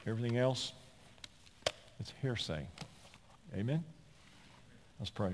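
A man pastor preaching a sermon in an emphatic storytelling manner with quick asides, in a large church sanctuary. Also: medium pitch. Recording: long hall reverb.

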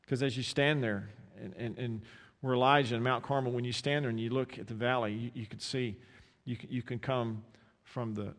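A man's voice: medium pitch, fairly even intonation. Man, Eastern North Carolina accent, impassioned sermon, repeated restarts, echoing church hall. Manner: impassioned, repetitive restarts, dramatic pauses. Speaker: preacher. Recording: long hall reverb.

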